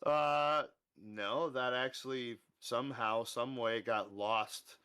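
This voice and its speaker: Bright-voiced man telling stories casually. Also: medium pitch, slow, smooth. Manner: animated storyteller acting out quoted voices, laughs often. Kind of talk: casual storytelling chat.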